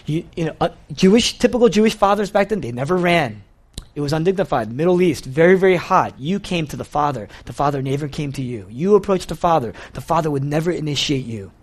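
A man preaching a sermon in a fairly high voice. His pitch swoops up and down all the time as he tells the story with animation. He often says key phrases twice to drive them home. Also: expressive, fairly quick.

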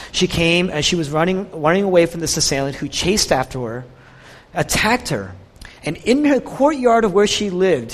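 A male pastor delivers an impassioned sermon, his voice rising and falling dramatically. He speaks with a high, very animated voice that rings out in a church sanctuary with long reverb. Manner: impassioned preaching, swings from loud to soft.

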